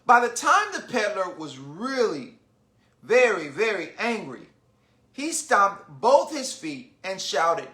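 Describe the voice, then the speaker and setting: Guy reading a picture book to little kids, slow and bouncy, lots of chatty asides, echoey room. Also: high voice. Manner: animated, chatty asides to young listeners. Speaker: children's book reader, literacy founder. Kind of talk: children's storybook read-aloud. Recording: roomy echo.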